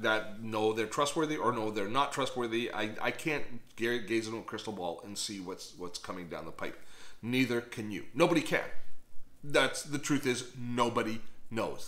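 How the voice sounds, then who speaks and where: Chatty male tech vlogger, bright roomy sound. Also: mid-range voice. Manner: chatty, animated, thinking aloud with fillers. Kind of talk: casual vlog commentary. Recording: echoey room.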